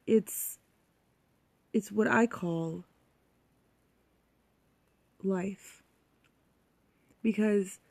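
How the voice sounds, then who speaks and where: A woman in her thirties vlogging personal reflections, emotional and halting, sometimes dropping to a near-whisper. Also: medium pitch, warm tone, dry recording.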